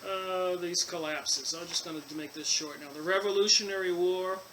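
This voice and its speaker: A man with a high, bright voice reads passages from a book aloud, then drifts into loose, repetitive commentary full of fillers and false starts. A faint hiss of background noise sits under the recording. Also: fairly even intonation, normal speed, rough recording. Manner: rambling, repeats himself, many fillers and restarts. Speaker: channel host reading and commenting on a book. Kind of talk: casual book commentary mixing reading aloud and rambling asides.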